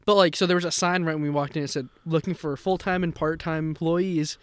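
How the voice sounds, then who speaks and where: A man's voice: on the high side, steady tone, fairly quick, clear, resonant tone, dry recording. Young man joking and telling stories, close and dry. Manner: laughing anecdote teller who quotes people in the story, teasing. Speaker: podcast co-host. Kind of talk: casual chat.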